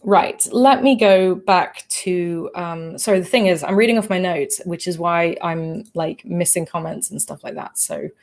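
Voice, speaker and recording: With a fairly low, slightly mellow voice, this livestream host speaks at a measured pace with few pauses. Originally from England, she has an accent softened a bit by living in the Netherlands, and she fields chat comments in a casual Q&A full of fillers, false starts and apologies.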